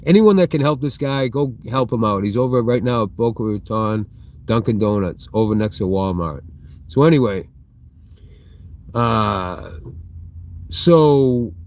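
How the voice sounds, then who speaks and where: A middle-aged man live streaming from inside a store, telling a long rambling story and breaking off to answer viewer chat. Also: medium pitch. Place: inside a big retail store.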